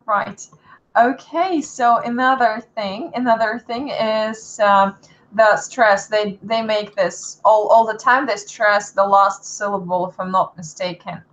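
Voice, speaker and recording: A woman's voice: mid-range voice, steady tone, slow pace, a bit bright, lo-fi sound. A woman with a Russian accent, hosting a casual chat and asking questions, sometimes turning to address viewers. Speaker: host.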